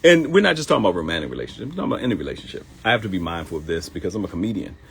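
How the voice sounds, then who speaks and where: Middle-aged man, comedian host, very low voice, lively swooping delivery, joking monologue. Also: racing, vocal fry, poor audio. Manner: animated, joking storytelling. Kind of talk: live show monologue.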